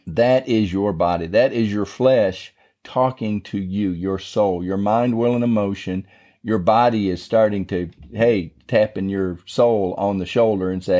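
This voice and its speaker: Man with a mellow, folksy teaching voice. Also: on the low side, moderate pace, dull audio. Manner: folksy and rambling, digressive. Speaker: devotional podcast host. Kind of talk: casual Bible teaching.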